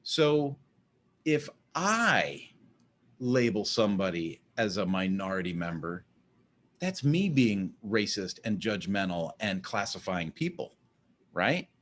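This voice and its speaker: A man's voice: fairly low pitch, big pitch swings, slow, a bit bright, a little hiss or hum. A man in a casual monologue, rambling and often repeating words as he starts a sentence. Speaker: vlogger.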